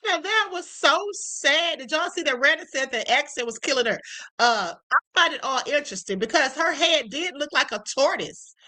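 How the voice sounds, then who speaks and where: High, bright-voiced woman streamer. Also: expressive, moderate pace, poor audio. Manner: chatty, amused, addresses viewers as beloved and honey. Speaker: live stream host. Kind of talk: casual live stream commentary.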